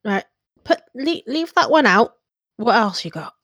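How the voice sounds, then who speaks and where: A woman's voice: on the high side, lively intonation, a little slow, a bit bright, no room sound, dull audio. A woman playing a tabletop game, talking bluntly and swearing freely in casual banter. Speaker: player.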